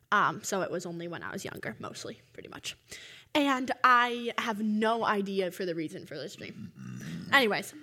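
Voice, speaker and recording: A woman's voice: mid-range voice, a bit bright. A young woman casually telling a long dream story, rambling and full of filler words.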